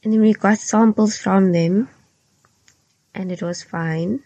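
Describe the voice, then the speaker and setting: A young woman with a gravelly, creaky voice explains things step by step in casual chat. She is recorded close and dry. She is from South Africa. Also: medium pitch, fairly even intonation, slow, warm tone, no room sound. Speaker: podcast co-host.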